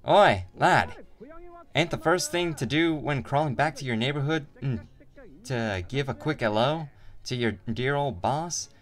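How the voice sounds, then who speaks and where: A man voicing a rough, jovial older male gang boss who teases and shouts in slang. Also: medium pitch, lively intonation, unhurried, pitched above the performer's own voice, close to an everyday voice. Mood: boisterous. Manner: gruff, teasing, slangy.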